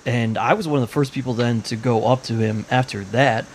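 A man who works as a ring announcer, recalling anecdotes in relaxed casual chat. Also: mid-range voice, a little fast, slight background noise.

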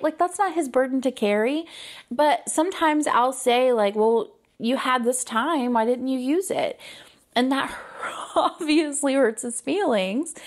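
A woman podcast host talks through her ideas in an earnest, conversational way. She leans on casual fillers and rhetorical "right?" check-ins, and her voice sits a little higher than most women's. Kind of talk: solo podcast talk.

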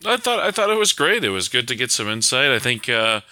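A man's voice: medium pitch, big pitch swings, brisk, pushed and bright, no room sound. A man co-hosting a podcast, chatting casually with dry jokes and frequent laughs. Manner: dry joking, laughs often. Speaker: podcast co-host.

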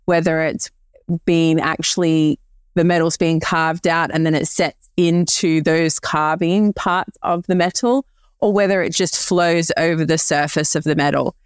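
Smooth-voiced woman explaining a craft. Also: deep voice, fairly even intonation, a little slow, no echo, studio quality. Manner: precise, corrects and clarifies details. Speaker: podcast co-host. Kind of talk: casual explanatory chat.

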